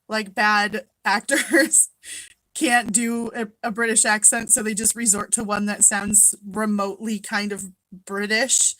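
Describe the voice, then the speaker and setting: A woman's voice: mid-range voice, pushed and bright, no room sound, poor audio. A woman from Minnesota hosting a casual live-stream chat from home, greeting viewers by name and laughing often.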